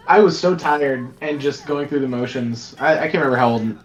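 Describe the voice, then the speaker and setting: A man's voice: medium pitch, a little slow, rough recording. A man joining a game stream as a guest, laid-back and self-deprecating while telling a story. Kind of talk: casual storytelling.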